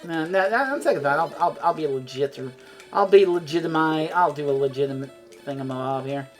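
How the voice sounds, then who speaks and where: A woman's voice: low-pitched, fairly quick, a little mellow, soft background music. A woman streaming a video game, rambling and swearing freely as she chats. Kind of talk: casual chat while playing a video game.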